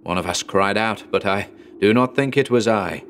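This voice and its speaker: A man with a very low, deep voice reads a horror story aloud in a measured, dramatic way. Faint background hiss sits under the reading. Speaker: audiobook narrator. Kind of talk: scripted narration.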